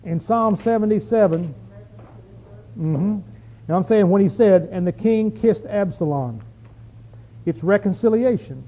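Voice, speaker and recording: A man's voice: sits high, unhurried, long pauses, warm tone. A man preaching a sermon in a folksy manner, reading scripture aloud with emphasis. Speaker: pastor. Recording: dull lo-fi recording.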